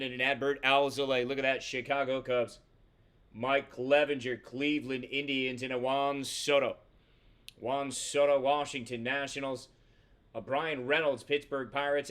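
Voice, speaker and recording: A man's voice: medium pitch, a bit bright, smooth. A man hosting a live trading card box break, chatting casually with viewers, swearing freely and rattling off player names and teams as he opens packs. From Central Florida.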